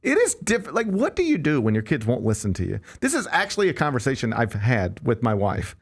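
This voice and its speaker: A man's voice: mid-range voice, fast talker, slightly rough. A middle-aged man hosting a sports show, telling self-deprecating stories in casual chat. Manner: animated, self-deprecating storytelling.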